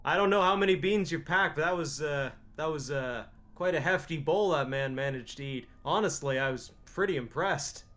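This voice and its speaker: A man's voice: fairly high pitch, normal speed, few pauses, a bit bright. Wry joking man at a tabletop game. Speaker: player. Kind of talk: tabletop role-play.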